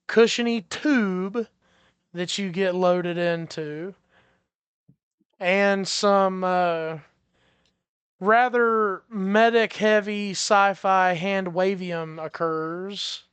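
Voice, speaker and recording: A game master narrating a science fiction tabletop game in a relaxed way, laughing often. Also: mid-range voice, clean tone, dry recording. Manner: relaxed, laughing, explains freely.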